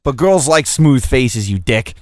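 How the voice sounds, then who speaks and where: A man's voice: medium pitch, lively intonation, a little slow, darkish tone, no room sound. A man hosting a casual radio show, reading listener messages with crude, mocking, profane banter while sneezing through an allergy attack.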